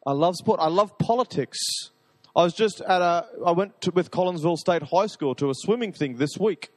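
Man, preacher, energetic rambling sermon, high-pitched, echoing hall. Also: moderate pace. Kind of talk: sermon to a live audience.

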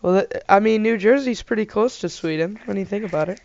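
A man's voice: high-pitched, a little fast, creaky, a little mellow, no room sound. A man chatting casually and jokingly, rambling with lots of fillers. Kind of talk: casual chat. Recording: dull, slightly lo-fi dry mic.

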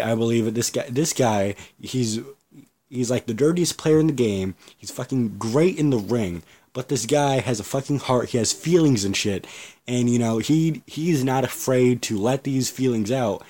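A lone podcast host with a mid-range, slightly mellow voice rants bluntly, swearing a lot and frequently starting his sentences over. It's a casual solo podcast rant.

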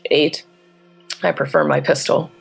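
A woman voicing a loyal young male bee-man bodyguard, speaking deferentially and quietly. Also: sits low, little pitch movement, a little slow, creaky, husky, faint music behind, full character voice. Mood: humble.

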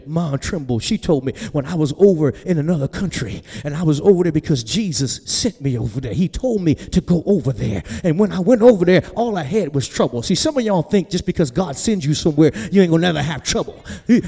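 A male pastor with a fairly high voice preaches in a church, moving between animated storytelling, jokes and rising shouts. The hall adds a long, lingering reverb. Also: breathy edge. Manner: animated storytelling, builds to shouting, joking asides. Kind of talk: sermon.

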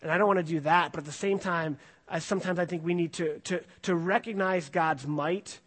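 A male pastor with a fairly high voice gives a relaxed, conversational sermon, full of fillers and restarts. The sound rings with a long hall reverb, as in a church sanctuary. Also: fairly quick. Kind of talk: casual sermon with scripture reading.

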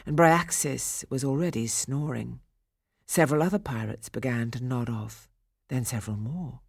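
A woman reads a children's storybook aloud into a studio microphone, slow and expressive. Her voice sits low and unhurried. The sound is close and dry. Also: no echo. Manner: slow, expressive, dramatic reading. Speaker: audiobook narrator. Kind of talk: storybook narration.

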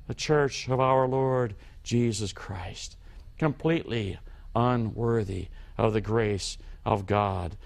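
A man preaching a sermon as pastor, slow and emphatic, his voice rising on key points and falling low at the ends of phrases. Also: vocal fry.

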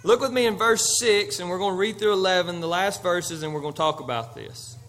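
Male pastor, high-pitched, conversational sermon delivery with big swings in volume. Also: fairly quick. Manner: conversational, emphatic, swings from loud to quiet.

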